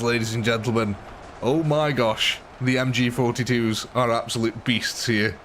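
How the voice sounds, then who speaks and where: A young English man hosting a live game stream, excitable and chatty, laughing often and calling his viewers ladies and gentlemen. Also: mid-range voice, normal speed, a little hiss or hum. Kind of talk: casual live gaming commentary.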